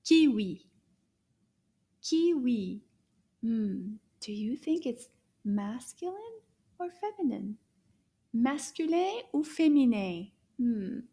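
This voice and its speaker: A woman teaching a French lesson for children, speaking slowly and encouragingly, repeating words for the listener to echo and sometimes dropping to a soft whisper. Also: on the high side, sing-song, husky. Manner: drops to soft whispers at times. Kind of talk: kids' language lesson.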